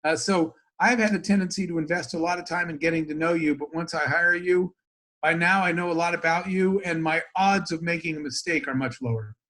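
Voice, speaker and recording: A man from the United States telling a story as an interview guest, acting out both sides of the dialogue with lively energy. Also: on the high side, a little fast.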